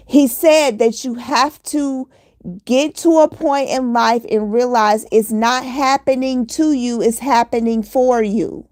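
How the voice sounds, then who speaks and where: A woman with a fairly high voice delivers a motivational monologue straight to her listeners. She speaks earnestly and hammers her points home by repeating them. The sound is dry and close, with no room echo. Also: steady tone, slow, a little mellow. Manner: earnest, repetitive, preachy exhortation. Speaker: motivational vlogger.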